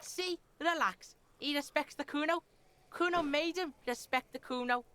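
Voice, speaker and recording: A woman's voice: high-pitched, moderate pace, pushed and bright, a little hiss or hum. A woman voicing a brash young male street punk in a video game who taunts and talks about himself in the third person. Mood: taunting.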